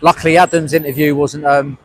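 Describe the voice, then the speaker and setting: A North London man with a London accent, talking straight to his viewers during an outdoor protest stream. His banter is blunt and sweary, full of "mate" and quick asides, and his voice sits slightly higher than most men's. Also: little pitch movement, low-quality recording. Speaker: livestreamer. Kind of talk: live street stream, chatting to viewers.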